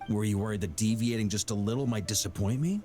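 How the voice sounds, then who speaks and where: An actor playing a hearty middle-aged knight grandmaster in a game, talking in a measured, formal, storytelling way. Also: male voice, on the low side, warm tone, faint music behind, close to an everyday voice. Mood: genial. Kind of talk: game voice acting.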